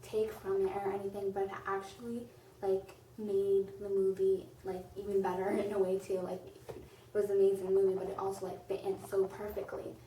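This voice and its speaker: A woman's voice: medium pitch, little pitch movement, moderate pace, mellow, far from the mic. Gushing woman vlogger in a roomy echo. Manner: gushing, rambling, heavy use of "like". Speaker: movie review vlogger. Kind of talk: casual movie review chat. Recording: roomy echo, off-mic, faint noise.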